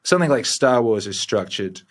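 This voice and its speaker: Brief: middle-aged man, lowish voice, profane and animated storyteller. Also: brisk. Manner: swears freely, animated and rambling. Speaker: podcast guest. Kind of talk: casual storytelling.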